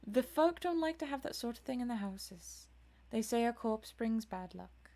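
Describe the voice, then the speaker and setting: A woman voicing a deferential working-class male gamekeeper with a rough, vaguely rural put-on accent. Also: on the high side, very animated, brisk, darkish tone, exaggerated voice.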